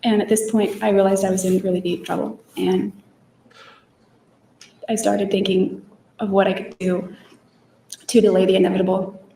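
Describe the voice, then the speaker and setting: A woman testifying on the stand in a courtroom, speaking slowly and hesitantly in a subdued way. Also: medium pitch, little pitch movement, vocal fry, mellow, a little hiss or hum. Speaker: trial defendant testifying. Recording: roomy courtroom audio from far off.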